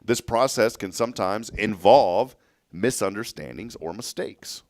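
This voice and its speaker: Gravelly-voiced man hosting a morning show. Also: lowish voice, expressive, a little slow, dry recording, studio quality. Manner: reads shout-outs to viewers, jokes with his co-host. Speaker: host of a local morning show. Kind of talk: reading a sponsor message, then casual chat.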